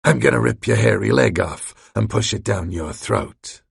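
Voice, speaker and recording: A man's voice: fairly low pitch, moderate pace, creaky, breathy edge, dry recording, clean studio sound, exaggerated voice. A man voicing a brutish, crude male fish-monster who spits out threats in a storybook reading. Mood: taunting.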